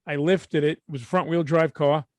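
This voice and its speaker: A middle-aged man with a Brooklyn accent, co-hosting a podcast and telling stories in a casual, profane, animated way. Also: fairly high pitch, brisk, no echo. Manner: animated, profane, acts out quotes. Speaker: podcast co-host. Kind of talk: casual storytelling.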